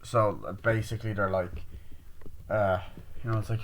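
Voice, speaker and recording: A man's voice: fairly low pitch, fairly even intonation, moderate pace, pauses often, slight background noise. Man retelling a film casually. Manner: retells scenes acting out shouted, swearing quotes; rambling with many fillers. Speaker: movie reviewer. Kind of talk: casual spoken film review.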